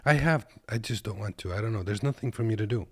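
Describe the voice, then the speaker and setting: A Kazakh truck driver gives laid-back, joking reaction commentary from his desk, calling his viewers "boys." His lowish, darkish voice is fast and slightly rough, with no room sound.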